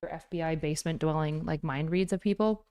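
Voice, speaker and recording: A woman's voice: low-pitched, a little fast, a little mellow, clean tone. A woman talking casually in a commentary video, chatty and full of filler likes.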